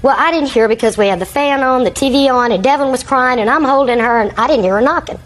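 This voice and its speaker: A woman's voice: high voice, fast talker, rough recording. An older woman, a grandmother, giving long courtroom testimony as a litigant and rambling through her account while acting out what others said.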